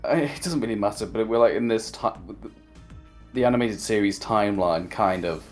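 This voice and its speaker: A man's voice: fairly low pitch, moderate pace, soft background music. A man in casual chat, adding rambling asides full of fillers. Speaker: podcast co-host.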